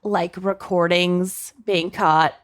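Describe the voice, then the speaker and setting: A woman's voice: fairly low pitch, steady tone, slow pace. A woman co-hosting a casual podcast with her friends, giggly and upbeat as she runs the show. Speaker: podcast co-host. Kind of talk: casual chat.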